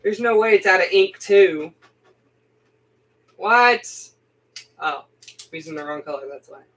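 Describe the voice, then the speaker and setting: A man's voice: high voice, lively intonation, unhurried, a bit bright, poor audio. A young man hosting a casual gaming video, rambling animatedly and laughing often as he sums up a mission. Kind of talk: casual game commentary.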